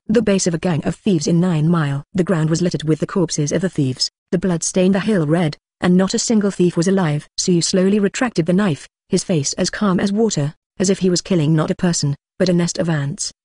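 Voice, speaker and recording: Computer-voice audiobook reader, flat delivery, dry close sound. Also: medium pitch, fairly quick, hardly any pauses, slightly rough, no room sound. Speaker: audiobook narrator. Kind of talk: scripted narration.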